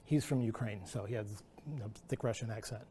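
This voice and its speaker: A man's voice: fairly low pitch, fairly even intonation, a little fast, dark tone, slight background noise. A middle-aged man, a guest artist, telling rambling anecdotes at an artist talk, acting out quotes. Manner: rambling anecdotal delivery with restarts and acted-out quotes.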